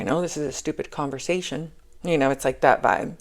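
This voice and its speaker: A woman's voice: deep voice, brisk. A woman giving a casual spoken tarot reading. She rambles, repeats herself and keeps checking in with "okay?". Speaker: tarot reader.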